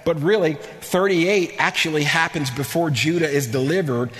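A middle-aged man preaching a sermon in a church, animated, repeating words and sometimes rising to near-shouts. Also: a little high, normal speed, long reverb tail.

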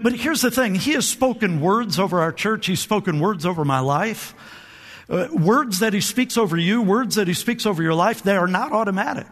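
A man's voice: sits high, a bit bright, in a large hall. A man preaching a sermon to a church, calling for amens, repeating phrases and restarting his sentences. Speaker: pastor. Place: church hall.

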